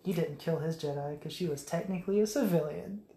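A man's voice: a little high, brisk, gravelly, dark tone, a little hiss or hum. Profane man rambling through a movie recap. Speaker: podcast co-host. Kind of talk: casual podcast chat. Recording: echoey room.

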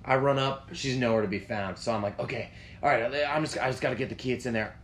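A man telling a story in casual chat, animated and profane, jumping into a high yelp when he acts out his own panicked lines. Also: quick pace, a little hiss or hum.

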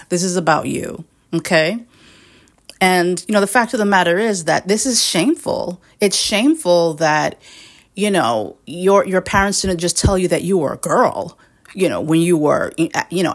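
A woman hosting an audio show, delivering a mocking, berating monologue straight at the listener, her voice swinging sharply up in pitch. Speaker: podcast host.

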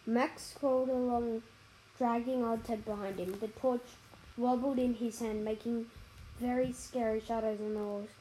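Warm-voiced woman reading a bedtime story. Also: fairly high pitch, a little hiss or hum, rough recording. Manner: expressive, dramatic pauses and sound words. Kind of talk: children's story read-aloud.

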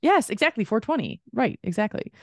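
A woman's voice: fairly high pitch, sing-song, fairly quick, no echo, clean studio sound. A woman co-hosting a podcast in casual chat, rambling with lots of fillers and side notes, her voice a little strained. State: strained vocal cords. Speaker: podcast co-host.

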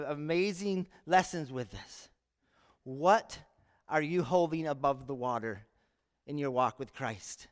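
High, clear-voiced man preaching in a church. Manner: storytelling with acted-out voices in jokes. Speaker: pastor. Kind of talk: sermon. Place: church sanctuary. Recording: reverberant church sanctuary.

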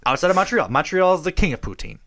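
A man co-hosting a casual podcast, chatting and reading news aloud with quick laughing asides. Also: high voice, expressive, bright, forceful tone. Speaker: podcast co-host.

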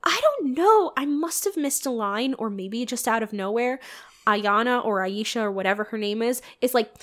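A young woman hosting a casual movie commentary, animated, incredulous and freely swearing. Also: a little high, moderate pace. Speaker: podcast host.

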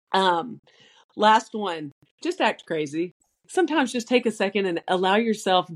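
Woman, podcast co-host, lively, laughing, casual chat. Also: mid-range voice. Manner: lively, laughing, listing tips.

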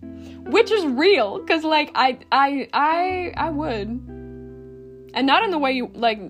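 A woman's voice: high voice, animated, slow, faint music behind. A young woman hosting a casual solo podcast, ranting bluntly and sarcastically with lots of swearing and laughter. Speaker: podcast host.

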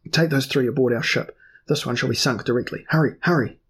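A man voicing a proud, frightened sorcerer earl who shouts orders in a raised, urgent voice, gravelly and husky. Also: mid-range voice, moderate pace. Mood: commanding.

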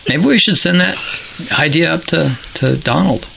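A man's voice: a little high, animated, moderate pace, creaky, bright, forceful tone, slight background noise, low-quality recording. A man co-hosting a podcast in casual chat, chatty and laughing at his own stories. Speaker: podcast co-host.

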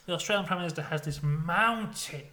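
A man co-hosting a podcast, telling an absurd comic story deadpan, dropping to a hush for suspense. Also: fairly high pitch, brisk. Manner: deadpan, builds suspense with hushed narration. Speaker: podcast co-host.

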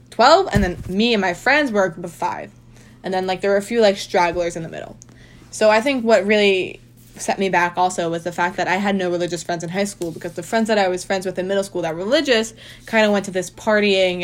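A young adult woman telling a personal story in a casual, chatty way. She fills her speech with "like" and speaks with emphasis. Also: lowish voice. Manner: chatty, heavy use of "like", emphatic.

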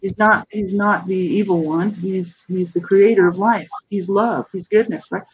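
A middle-aged guest author giving a personal testimony in an interview, earnest and halting, with many restarts. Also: mid-range voice, fairly even intonation, dull audio, a little hiss or hum.

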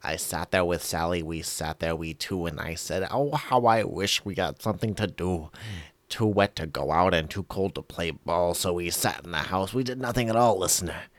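A man's voice: low voice, normal speed, no room sound. A man reading a children's rhyme aloud in a theatrical, sing-song comic style. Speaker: comic reader.

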